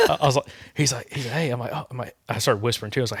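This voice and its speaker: A man's voice: medium pitch, fast, gravelly, hardly any pauses, slightly rough, no room sound. Dry-voiced man telling stories. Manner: rambling, relaxed anecdote-telling. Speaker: podcast host. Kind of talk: casual podcast storytelling.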